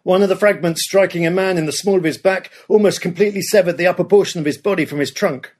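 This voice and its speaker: A man's voice: high voice, fast, darkish tone, slight background noise. A man narrating a scripted history podcast with dramatic storytelling.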